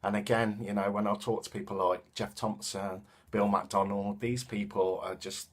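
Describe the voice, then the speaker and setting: With a lowish voice, a level tone and a moderate pace, this Coventry-accented Englishman talks in a relaxed, reflective way. He teaches self-defense and vlogs, and his speech is thoughtful but halting, full of ums and false starts.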